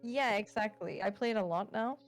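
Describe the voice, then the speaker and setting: Animated Swedish-accented woman, casual chat. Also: mid-range voice, brisk, faint music behind. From Sweden. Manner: animated, acts out quoted remarks. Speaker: guest VTuber.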